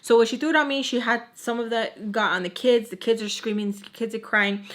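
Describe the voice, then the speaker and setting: A woman's voice: fairly high pitch, steady tone, a little fast, fairly bright tone. A young woman telling a storytime on her vlog, chatty and full of "like", dropping in Spanish phrases and acting out the people in her story. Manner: acts out quoted people with voice changes. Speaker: storytime vlogger. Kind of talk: casual storytime chat.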